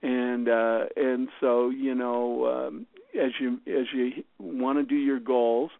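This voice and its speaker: Man, team leader on a call: gravelly voice, rambling pep talk with lots of fillers, dry tinny phone sound. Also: mid-range voice, fairly even intonation, slow pace, dry recording. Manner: rambling, full of fillers and restarts. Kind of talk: motivational talk on a conference call.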